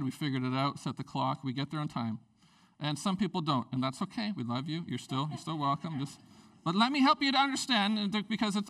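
A man, a pastor, preaching a sermon in a church, swinging between loud, animated bursts and quiet asides with a playful tone. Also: on the high side, far from the mic. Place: church sanctuary.

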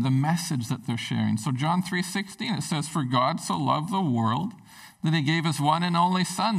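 A man's voice: a little high, creaky, fairly bright tone, recorded from a distance, low-quality recording. A man preaching a sermon as pastor, speaking in an earnest, conversational way with frequent restarts.

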